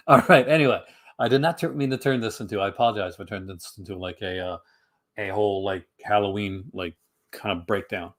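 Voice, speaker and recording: A man's voice: on the low side, brisk. Male livestream host, casual and rambling, answering his chat. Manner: rambling, many fillers and restarts.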